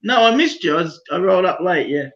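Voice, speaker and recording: A man with an Australian accent giving blunt, excitable betting picks in casual chat, calling everyone mate and swearing freely. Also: high-pitched, fast talker, muffled recording. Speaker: guest betting analyst.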